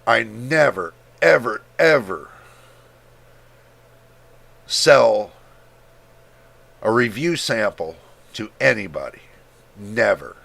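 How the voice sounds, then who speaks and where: A man's voice: on the low side, expressive, slow, gravelly, long pauses, pushed and bright. A man hosting a tech livestream as a reviewer, talking in a heated, emphatic way and repeating words for stress, with an occasional cough. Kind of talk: casual livestream rant.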